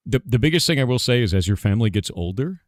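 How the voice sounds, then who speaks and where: A man's voice: mid-range voice, lively intonation, quick pace, no room sound, studio quality. A man from the United States chatting casually on a stream, emphatic and jokey, swearing casually. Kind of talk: casual chat.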